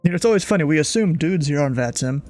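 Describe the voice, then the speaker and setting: A man's voice: on the high side, animated, rapid-fire, a little mellow, no room sound, faint music behind. A young American man from Kentucky who streams, chatting casually and laughing a lot, and slipping into clipped radio calls as a flight controller. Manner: laughs often, casual slang. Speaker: streamer playing air traffic controller.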